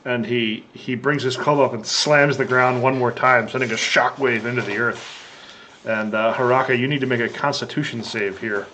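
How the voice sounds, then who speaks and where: A man running a tabletop game as game master, narrating in a relaxed, chatty way. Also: mid-range voice, normal speed, slight background noise.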